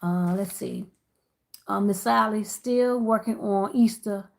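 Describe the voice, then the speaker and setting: Wrapping gift baskets on a casual livestream, a woman chats with viewers by name and laughs often. Her voice is mid-range, slow, and gravelly.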